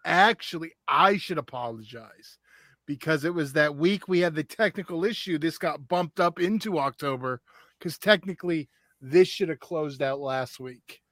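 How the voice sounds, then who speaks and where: A man's voice: a little high, normal speed, fairly bright tone, dry recording. A man who produces a movie review podcast, chiming in with wry, chuckling remarks. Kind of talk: casual movie review banter.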